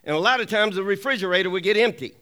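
A man preaches with a high, ringing voice that stays smooth and clear. He works the congregation with call-and-response, pressing for an amen. He drives his points home by saying them twice. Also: racing, bright, forceful tone. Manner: repeats key lines for emphasis. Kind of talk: sermon.

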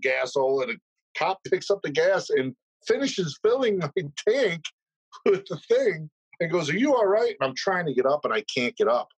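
A man's voice: on the high side, slightly rough, no echo, rough recording. A man in casual podcast chat, telling a rambling, swear-laden anecdote.

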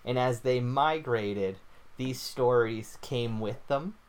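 Young male co-host, goofy and rambling, quick to laugh, casual chat. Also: medium pitch. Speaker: podcast co-host.

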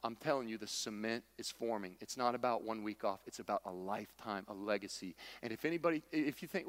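A man's voice: medium pitch, expressive, fast talker, few pauses, fairly bright tone, long reverb tail. A man preaching a sermon, emphatic and repetitive, with folksy humor. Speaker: pastor.

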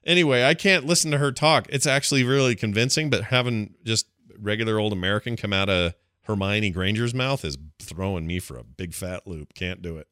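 A fairly low-voiced man trades jokes in an easygoing movie chat and laughs easily. The recording is close and dry, with no room sound. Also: brisk, few pauses, a bit bright, clear, resonant tone, no room sound. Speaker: podcast co-host.

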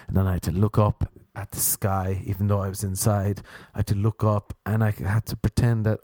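A man's voice: on the low side, flat delivery, brisk, dark tone, no room sound, clean studio sound. A young Irish man telling rambling, sweary, self-mocking stories in a casual monologue, acting out other people's voices as he goes. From Ireland.

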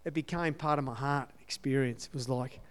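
A man's voice: mid-range voice, brisk, clear, resonant tone. Earnest man giving sermon testimony. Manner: earnest, conversational, repeats key phrases. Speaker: church speaker sharing testimony.

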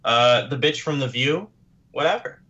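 Bright-voiced rambling man, lo-fi. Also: mid-range voice, animated, normal speed. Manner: rambling, slips into mock accents. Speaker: podcast co-host. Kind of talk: casual chat, movie review.

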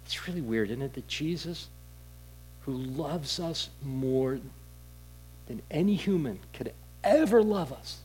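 A man preaching a sermon in a candid, conversational storytelling way, with halting restarts. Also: a little high, expressive, a little mellow, slight background noise, rough recording. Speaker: pastor.

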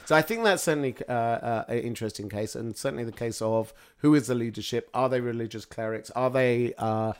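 Chatty male guest telling lively stories. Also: mid-range voice, brisk, hardly any pauses, clear, resonant tone. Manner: lively anecdotal storytelling with frequent fillers. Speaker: guest speaker. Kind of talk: casual interview chat.

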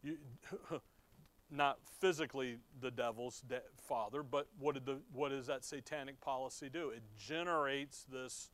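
A man's voice: mid-range voice, fairly even intonation, moderate pace, a bit bright. A middle-aged man teaching from the Bible in a conversational way, reading verses aloud and asking his listeners questions. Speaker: preacher.

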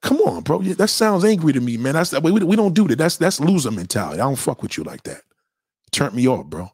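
Brief: young adult male streamer, husky, animated pitch, heated profane slang rant, dry close sound. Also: brisk, no echo. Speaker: livestream host answering chat. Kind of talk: casual livestream rant.

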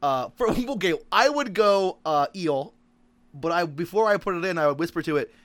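A man's voice: sits high, animated, moderate pace, fairly bright tone. A young man co-hosting a podcast, trading crude jokes in loose, casual banter and swearing freely. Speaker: podcast co-host.

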